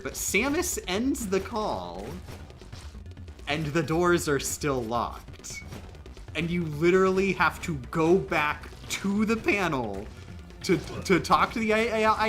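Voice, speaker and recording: Lively streamer, rambling with emphasis. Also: medium pitch. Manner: rambling, with frequent fillers and emphatic restarts. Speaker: livestreamer. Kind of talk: casual commentary on a live game stream.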